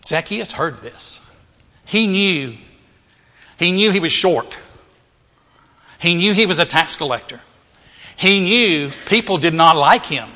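A man's voice: on the high side, animated, slow pace, pauses often, sharp tone. A male pastor preaching a sermon, asking rhetorical questions and repeating phrases for emphasis, in a church. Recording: reverberant hall.

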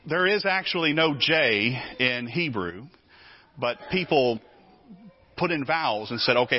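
Animated man preaching a teaching sermon. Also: mid-range voice, highs cut off. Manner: animated, repeats words while teaching.

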